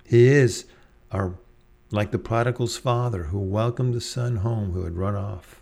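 A man preaching a devotional sermon in a gentle, reflective way, slowing down to stress single words. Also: on the low side, vocal fry.

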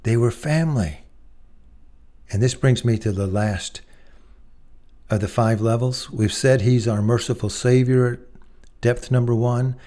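A man's voice: mid-range voice, measured pace, pauses often, warm tone. A man preaching a sermon, earnest and emphatic, speaking directly to his listeners as friends.

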